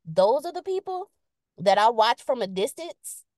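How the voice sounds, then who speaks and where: A woman chats on a podcast in a lively, expressive way, reading out viewer comments. Her voice sits a little high and swings widely in pitch. The sound is dry and close. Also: a little slow, no echo. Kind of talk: casual live-stream chat.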